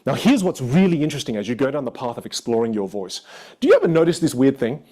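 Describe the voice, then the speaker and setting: A man teaching a live online masterclass as a vocal coach, telling stories in an animated, expressive way. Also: medium pitch, fast.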